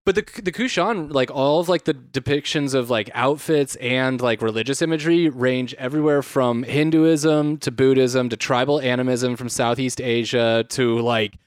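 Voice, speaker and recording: A man's voice: medium pitch, normal speed, few pauses, no room sound, studio quality. A young man co-hosting a casual podcast chat, rambling with lots of fillers and frequent laughs. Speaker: podcast co-host.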